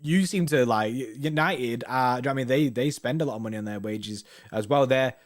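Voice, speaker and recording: A man's voice: medium pitch, fairly quick. A man co-hosting a football fan show, chatting casually and rambling with slang and restarts. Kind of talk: casual chat reading viewer comments.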